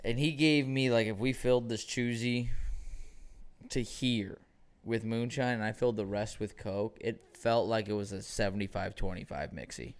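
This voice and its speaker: A man's voice: lowish voice, normal speed, clear, resonant tone. A young man co-hosting a podcast, chatting casually and slipping into playful mock-salesman patter. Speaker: podcast co-host. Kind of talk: casual chat, mock product pitch.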